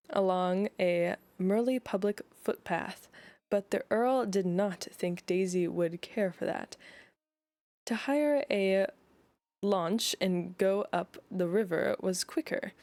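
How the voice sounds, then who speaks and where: Young woman streamer, casual read-aloud, unhurried with a dry sound, giggles and self-corrects. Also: lowish voice, darkish tone, no echo. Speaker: streamer reading a novel aloud.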